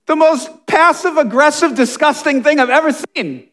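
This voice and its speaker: A man with a strikingly high voice delivers a sermon. He moves between quiet, muttered asides and fervent, almost shouted emphasis. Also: expressive, normal speed. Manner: passionate, swings from hushed asides to emphatic near-shouting. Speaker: pastor.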